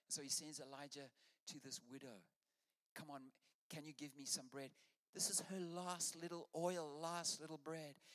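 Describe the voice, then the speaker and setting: A man's voice: on the high side, fairly bright tone, in a large hall. An Australian man preaching a sermon to his church, rousing and urging the congregation on. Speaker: pastor.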